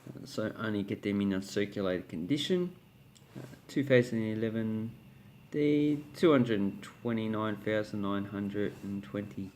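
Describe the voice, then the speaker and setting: A man's voice: on the low side, measured pace, a little mellow, slight background noise. A man with an Australian accent hosting a casual coin collecting video, rambling and correcting himself with fillers. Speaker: coin collecting channel host.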